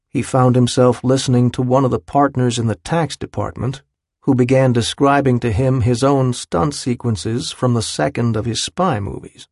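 A man narrating an audiobook in a measured, even reading style. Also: mid-range voice, creaky, no echo, clean studio sound. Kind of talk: scripted narration.

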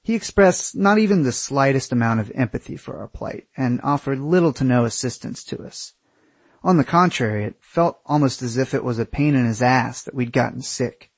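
A man's voice: mid-range voice, lively intonation, normal speed, creaky, breathy edge, dry recording. A young man narrating his own travel story in the first person, crude and wry.

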